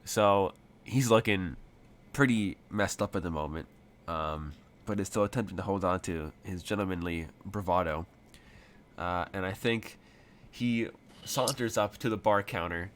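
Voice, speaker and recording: Low-voiced man narrating a tabletop game. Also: a little slow, slight background noise. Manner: rambling, hesitant, many fillers. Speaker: game master.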